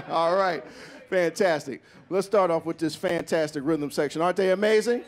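Playful high-voiced man leading a club crowd. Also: lively intonation, a little slow. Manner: playful, folksy, breaks into sung snippets. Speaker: bandleader leading audience participation. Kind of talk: onstage banter and call-and-response teaching. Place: live jazz club stage. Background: live jazz band.

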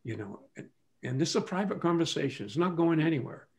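A man from England gives advice on a business panel in an easy, conversational way. His voice is gravelly and sits a little high. He says "you know" often. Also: animated, fast talker.

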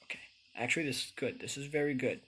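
A man's voice: mid-range voice, fast, fairly bright tone, husky. A young man giving frustrated, swearing let's-play commentary from his room, ranting and exasperated. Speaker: gaming YouTuber.

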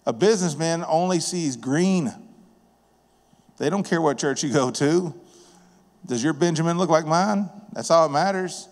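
A man's voice: a little high, unhurried, pauses often. A man preaching a sermon in a plain-spoken, conversational way, telling stories from his work as a contractor and business owner. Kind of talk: sermon with personal storytelling. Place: church sanctuary. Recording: long reverb of a church hall.

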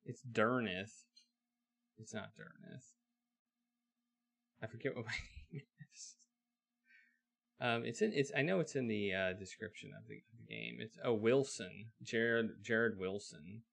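A man's voice: fairly low pitch, sing-song, normal speed, gravelly, fairly bright tone. A man streaming a live video game playthrough, reading game text aloud and making wry remarks on it. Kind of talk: live let's-play commentary.

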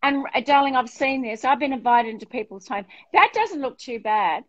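Speaking in a high voice at a moderate pace, this Australian woman, an interior designer, hosts casual live-stream chat full of blunt theatrics, mild swearing, and "darling" for everyone. The stream audio is dull and lo-fi.

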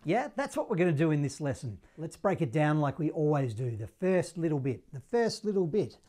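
A man's voice: on the high side, very animated, a little fast, dark tone. A man with an Australian accent teaching an online saxophone lesson in a jokey, self-deprecating way. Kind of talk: upbeat online music lesson.

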